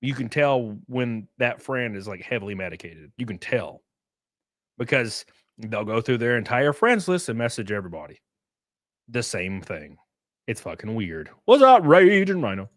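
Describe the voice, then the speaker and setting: A young male streamer with a very lively, up-and-down delivery, talking in a loose, rambling way and swearing often. His mid-range voice sounds dry and close to the mic. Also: on the low side, moderate pace, no room sound. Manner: rambling and profane. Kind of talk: livestream commentary.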